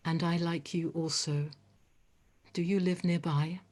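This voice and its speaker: A woman voicing a kind, gentle man, a forest hermit who speaks quietly and reassuringly. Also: on the low side, fairly even intonation, unhurried, close to an everyday voice.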